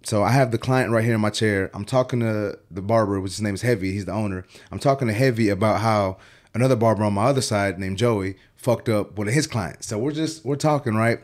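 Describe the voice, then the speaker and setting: A man's voice: lowish voice, a little fast. A man who works as a barber, a guest on a podcast, telling stories in a loose, profane way with lots of "like". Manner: loose and profane, full of "like" fillers. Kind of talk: casual storytelling chat. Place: podcast studio.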